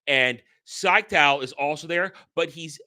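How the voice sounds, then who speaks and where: A man hosting a casual film discussion, animated and profane, rambling through his points. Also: a little high, measured pace, smooth. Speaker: podcast host.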